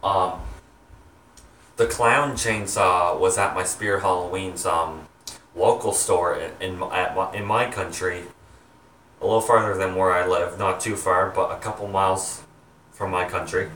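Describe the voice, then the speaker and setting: A young man chatting to his viewers, rambling and halting with many ums and restarts. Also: low-pitched, fairly even intonation, fairly bright tone, reverberant, recorded from a distance, slight background noise. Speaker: vlogger, home haunt maker. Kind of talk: rambling casual chat to viewers.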